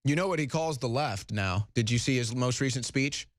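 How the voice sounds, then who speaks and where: A man co-hosting a political talk show, animated and mocking in his delivery. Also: mid-range voice, normal speed, no room sound, studio quality. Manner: animated, mocking impressions of others.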